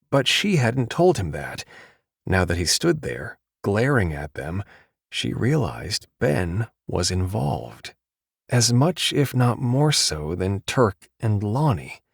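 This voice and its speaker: A man narrating an audiobook in a steady, measured read. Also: medium pitch, gravelly, dry recording, clean studio sound.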